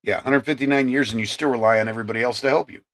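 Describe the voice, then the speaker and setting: A man's voice: medium pitch, fairly even intonation, very fast, fairly bright tone. A man in his fifties, from Ohio, ranting on a livestream and answering his chat, often repeating and restarting words. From Ohio, USA. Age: 50s. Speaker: livestream host.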